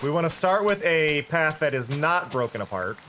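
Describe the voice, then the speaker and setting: A man's voice: on the high side, lively intonation, normal speed, background noise. A tired-sounding man streaming a game, thinking aloud in casual commentary with frequent restarts. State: tired, yawning.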